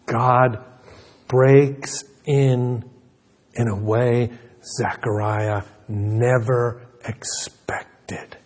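A man's voice: medium pitch, flat delivery, very slow, darkish tone. A male pastor preaching a sermon in an earnest manner, often repeating words as he restarts a thought.

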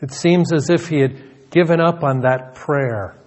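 A man's voice: on the high side, measured pace, darkish tone. A male pastor preaching a sermon in an earnest manner, often repeating words as he restarts a thought.

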